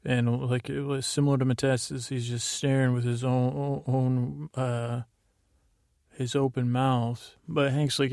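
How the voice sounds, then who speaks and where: A man hosting a sleep podcast, giving a meandering, halting bedtime recap full of filler sounds. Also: mid-range voice, flat delivery, gravelly, a little mellow, no room sound, studio quality.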